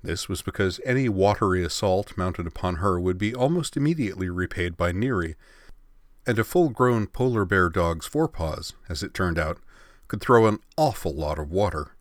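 A man with a very low, deep voice reads a story aloud in a measured, expressive way. The sound is close and dry, with no room around it. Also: dry recording. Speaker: narrator. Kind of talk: storybook narration.

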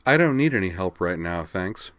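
A man's voice: deep voice, sing-song, moderate pace, dry recording. A man voicing a casual, easygoing teenage girl duelist who talks bluntly and teases a little, in a read-aloud story. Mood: breezy. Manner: casual, offhand, quietly teasing. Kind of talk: audiobook character reading.

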